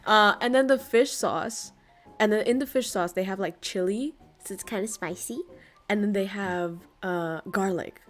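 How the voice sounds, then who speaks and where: A woman from Vietnam with an American-tinged accent, chatting casually on stream in a blunt, playful way. Her pitch sits in a middle register. Faint music plays behind her. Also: normal speed. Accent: American-influenced English. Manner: blunt and playful, swears and laughs a lot. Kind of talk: casual chat.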